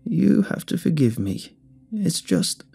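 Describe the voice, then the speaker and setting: Deranged old woman in a storybook horror tale, high, crackly and stuttering, voiced by a male narrator. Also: sing-song, normal speed, gravelly, dark tone, slightly rough, faint music behind, heavily acted. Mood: leering, unhinged.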